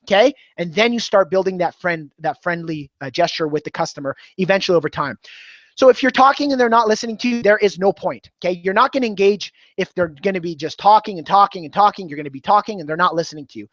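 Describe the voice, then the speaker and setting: A man's voice: high voice, quick pace, fairly bright tone, dry recording. A man coaching door-to-door salespeople, talking energetically and acting out short dialogues with customers. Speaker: sales trainer. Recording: dry, slightly dull recording.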